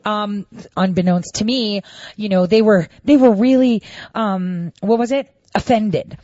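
A woman telling viewers a story in a casual monologue, indignant and animated, acting out both sides of each exchange. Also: mid-range voice, normal speed, dry recording, lo-fi sound. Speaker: storyteller recounting a voting dispute.

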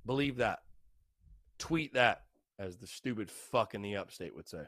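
A man's voice: on the low side, lively intonation, unhurried, a bit bright, no room sound, studio quality. A young man hosting a casual solo podcast, tipsy, rambling and repeating himself. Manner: rambling, repetitive, loose and tipsy. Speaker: podcast host.

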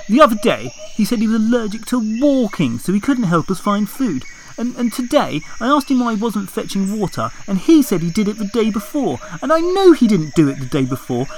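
A man's voice: high voice, a little hiss or hum, poor audio. A man voicing a weary, fed-up woman politician stranded on an island, complaining and swearing.

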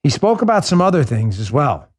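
A man's voice: fairly high pitch, big pitch swings, a little fast, breathy edge. A man hosting a political talk show, speaking in an impassioned, emphatic way and repeating words for stress. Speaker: podcast host.

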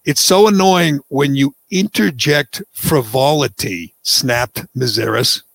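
A man's voice: mid-range voice, takes it slowly, gravelly, a bit bright, no room sound. A man hosting a political talk show, delivering mocking, scornful commentary.

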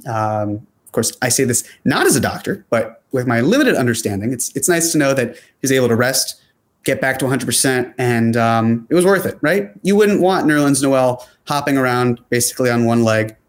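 A man's voice: mid-range voice, lively intonation, normal speed. A man hosting a casual sports talk show, reading viewer comments in a loose, chatty way with many fillers and restarts. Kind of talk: casual chat.

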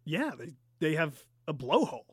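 A man's voice: a little high, big pitch swings, moderate pace, husky, dry recording. A man co-hosting a casual hockey podcast, teasing and joking with his co-host over a studio mic.

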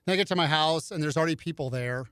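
A man's voice: on the high side, very fast, a bit bright, dry recording, clean studio sound. A middle-aged man telling a story in a casual chat, and he acts out other people's lines in raised voices. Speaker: podcast guest.

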